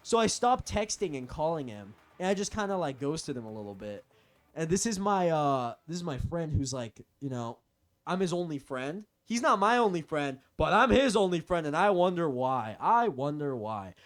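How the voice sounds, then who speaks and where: A man's voice: on the high side, sing-song, moderate pace. A young man telling a story in a casual, profane, rambling rant as a vlogger.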